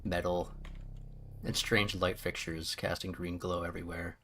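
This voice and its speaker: A man's voice: sits low, flat delivery, unhurried, a bit bright, a little hiss or hum. A man narrating a game playthrough in a joking, storytelling way. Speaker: game streamer.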